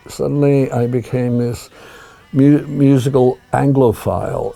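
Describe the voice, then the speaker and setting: An older man with a gravelly, husky voice, talking as an interview guest and musing over his memories with frequent restarts. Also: mid-range voice, warm tone. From United States. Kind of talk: reminiscing interview talk.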